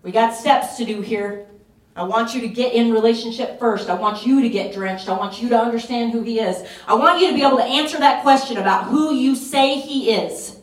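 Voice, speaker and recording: A woman's voice: a little high, brisk. A woman pastor preaching a fervent, urgent sermon at a retreat, pressing her points with emphatic repetition. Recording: roomy echo, voice from a distance.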